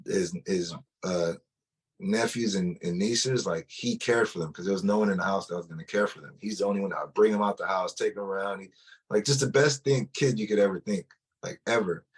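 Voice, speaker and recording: Low husky-voiced man telling his story. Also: a little fast. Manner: loose and conversational, full of "like" and restarts. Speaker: testimony speaker. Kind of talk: personal testimony storytelling.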